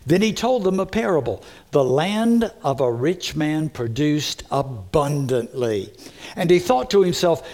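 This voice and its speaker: A middle-aged pastor delivers a sermon in an unhurried, folksy way, talking straight to his congregation. His voice sits a little high for a man, and he takes his time over every phrase. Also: animated, a little mellow.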